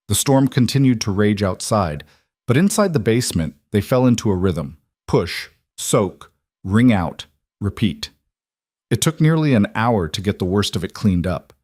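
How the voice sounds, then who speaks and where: A man reading a dramatic story in an even, measured narration style. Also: on the low side, dry recording, clean studio sound. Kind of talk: scripted narration.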